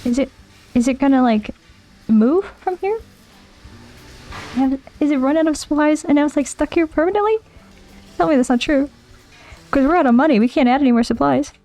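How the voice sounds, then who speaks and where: A woman live-streaming a game, with a slightly high, soft and mellow voice. She rambles along cheerfully, thinks aloud about her moves and answers her chat. Faint game music sits under her talk. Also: lively intonation, moderate pace, pauses often. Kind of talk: casual live-stream chat while playing.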